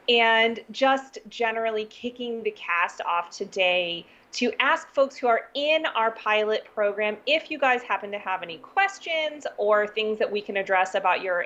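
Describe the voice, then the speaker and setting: A woman's voice: medium pitch, a bit bright, muffled recording. A woman hosting a coding livestream, bubbly and welcoming, laughing often. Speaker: host.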